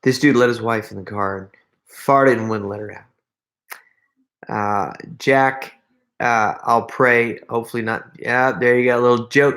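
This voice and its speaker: A middle-aged man talks to his live-stream audience in a loose, rambling way. He often breaks off and restarts his sentences, laughs in the middle of his stories, and stops to read comments aloud. His voice sits at an ordinary pitch for a man. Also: fairly even intonation, measured pace, a bit bright. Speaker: host reading live chat comments. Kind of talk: casual live-stream storytelling.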